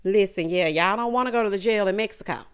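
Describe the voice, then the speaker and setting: A woman giving a casual, sassy recap of a reality show, with animated asides to the viewer. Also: mid-range voice, fast talker, clean tone.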